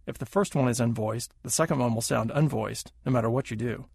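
Gravelly, husky man teaching pronunciation. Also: mid-range voice, brisk, darkish tone. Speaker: language teacher. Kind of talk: explaining pronunciation.

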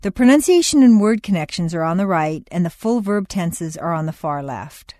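A woman's voice: lowish voice, animated, normal speed, warm tone, no room sound, clean studio sound. A woman narrating a scripted audio lesson in a plain, announcing tone, reading chapter headings and exercise instructions.

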